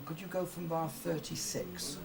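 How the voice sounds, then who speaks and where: Over a noisy crowd, a man with a highish voice, big pitch swings, vocal fry and a moderate pace coaches a violin student from the piano in a rehearsal room. He patiently explains phrasing, sings rhythms to demonstrate and asks if he's understood, picked up by a distant mic with the piano in the room.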